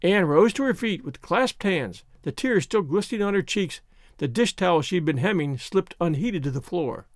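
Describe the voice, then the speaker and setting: A man narrating a classic novel as an audiobook, in an expressive storytelling manner. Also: sits high, moderate pace, no room sound, clean studio sound. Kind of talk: scripted narration.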